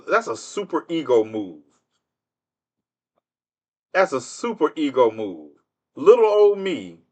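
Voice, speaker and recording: A man's voice: medium pitch, fairly bright tone. A man hosting a live stream, answering commenters in casual speech, mocking them with rhetorical questions. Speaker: livestream host.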